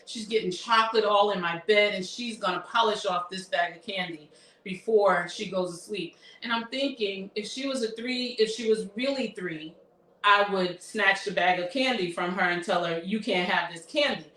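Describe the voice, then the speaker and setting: A therapist in her fifties tells a personal story in an emotional, reflective way, often halting and starting over. Her mid-range voice is bright and forward. She sounds a little far from the mic in an echoey room, with a faint hiss in the background.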